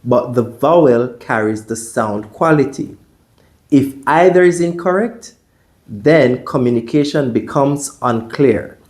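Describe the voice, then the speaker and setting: Very slow-paced male language teacher. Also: mid-range voice, darkish tone. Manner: slow, deliberate drilling, repeat-after-me. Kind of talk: pronunciation drill lesson.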